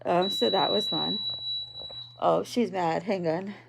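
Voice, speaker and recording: Woman in her 30s, creaky gravelly voice, slow halting talk, kinda teary, lots of ums, at home. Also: lowish voice, heavy background noise. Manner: halting, tearful, many pauses and ums. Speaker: vlogger, patient. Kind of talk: personal video diary. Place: at home, in bed.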